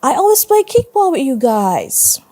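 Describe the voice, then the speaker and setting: A woman's voice: sits high, sing-song, a little slow, mellow, voice pushed up. A woman voicing a young boy who is confused and hurt at being left out. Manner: confused, pleading. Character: upset excluded schoolboy.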